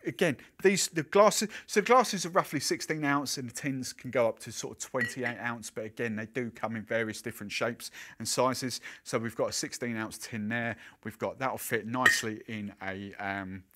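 Male bartender, mid-pitched, casual and chatty how-to delivery. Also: normal speed, few pauses, bright, forceful tone. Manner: chatty, conversational explaining with frequent fillers. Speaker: professional bartender presenter. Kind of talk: product demo and tutorial.

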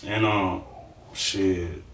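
A man's voice: low-pitched, steady tone, extremely slow, a bit bright, slight background noise. Middle-aged guy telling a story, swears a lot, rambles, roomy echo, mic kinda far. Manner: profane, rambling, keeps saying "you know what I'm saying". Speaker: storyteller recounting prison life. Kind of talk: casual storytelling monologue. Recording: roomy sound, mic at a distance.

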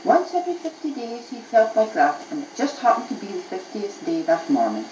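A woman's voice: mid-range voice, big pitch swings, brisk, a little mellow, roomy sound, muffled recording, a little hiss or hum. A mother reading a bedtime story to her child aloud, telling it expressively, recorded on an old cassette tape.

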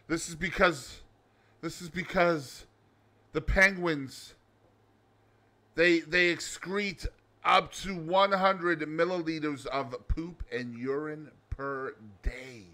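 Man, hammy show host, slow emphatic delivery, bright tone, faint music behind. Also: fairly high pitch, fairly even intonation. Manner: loud, showman, mock-emphatic. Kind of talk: hammy comedic daily segment.

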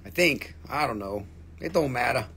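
A man hosting a live crystal sale, joking and rambling with viewers, his throat acting up so he keeps clearing it. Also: mid-range voice, expressive, normal speed, pushed and bright, slight background noise. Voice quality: gravelly, husky. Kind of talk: casual livestream sales chat. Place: shop studio, indoors.

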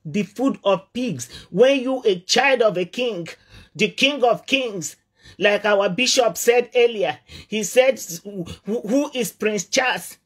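A man preaching a sermon with passion, repeating phrases and rising to shouts. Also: sits high, expressive, takes it slowly. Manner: impassioned, repeats phrases for emphasis, often rises to shouting.

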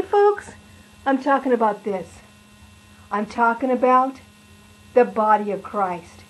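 Woman playing a playful high-voiced preaching lion. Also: husky, rough recording. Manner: playful, sing-song, exaggerated. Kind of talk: children's sermon in character.

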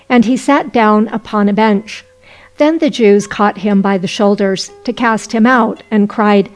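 A woman narrating an old folk tale in a measured, old-fashioned storytelling style. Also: medium pitch, soft background music.

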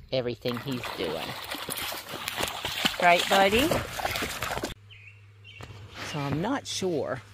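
Low-voiced lady talking slow to her pup, sing-song baby talk, phone mic, lots of outdoor noise. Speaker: vlogger. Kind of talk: casual chat with her dog. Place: outdoors by water and in a van. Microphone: handheld phone.

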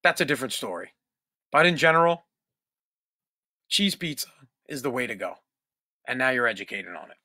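Male podcast host, profane exasperated rant, bright tone, dry close sound. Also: mid-range voice, big pitch swings, moderate pace, pauses often, no room sound. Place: home.

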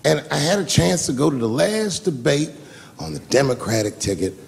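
A man's voice: a little high, big pitch swings, normal speed, vocal fry. A man doing stand-up comedy, telling a long story loosely and profanely and acting out the people in it. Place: live comedy stage.

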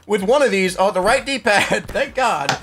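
Young guy gaming at home, a bit high and bouncy, music under him; wild reactions, laughs at himself. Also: a little slow. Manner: excitable, shouts and laughs often, self-mocking. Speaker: gaming YouTuber. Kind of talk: excitable gameplay commentary. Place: home room.

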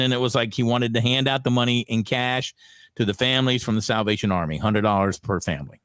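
A middle-aged radio personality telling stories in a relaxed interview, acting out the voices of people he quotes. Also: medium pitch, brisk, no room sound, studio quality. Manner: animated, acts out quoted dialogue. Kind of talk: conversational storytelling.

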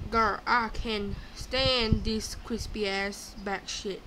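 A young woman giving live gameplay commentary, excitable and chatty, talking back to game characters. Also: medium pitch, slow, few pauses, slight background noise. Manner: excitable, screams and gasps, talks to game characters. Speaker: gaming YouTuber.

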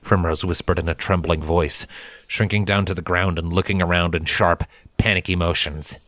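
A man reading a fan fiction story aloud as narrator, steady and dramatic. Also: sits low, moderate pace, no echo. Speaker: fanfiction reader. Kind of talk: audiobook narration. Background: background music.

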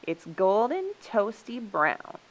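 A woman voicing a vain, fussy male coyote in a storybook reading, talking in an excitable, raised way. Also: medium pitch, takes it slowly, pitched above the performer's own voice, rough recording.

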